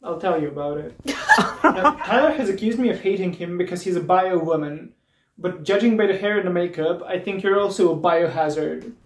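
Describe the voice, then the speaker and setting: High guy from serbia doing a savage drag roast, big echoey room, mic kinda far off. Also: fairly quick. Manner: biting, mocking punchlines with laughs. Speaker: drag performer roasting the cast. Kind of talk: comedy roast set. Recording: roomy, distant mic with faint noise.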